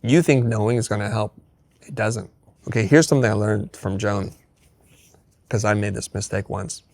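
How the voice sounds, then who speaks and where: A man talking as a guest in a candid interview, an animated storyteller who acts out dialogue with blunt, wry humor. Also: on the low side, moderate pace, vocal fry, dry recording. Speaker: podcast guest.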